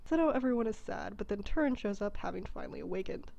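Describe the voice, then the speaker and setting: A woman's voice: medium pitch, animated, quick pace, creaky, mellow, lo-fi sound. A woman narrating a comedic abridged retelling in a casual, irreverent way.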